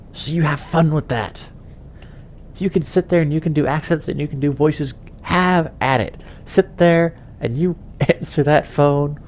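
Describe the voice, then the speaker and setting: This young gaming host's voice is a little high with a darkish tone, and slight background noise can be heard. He chats casually as he plays, rambling along with chuckles and frequent fillers.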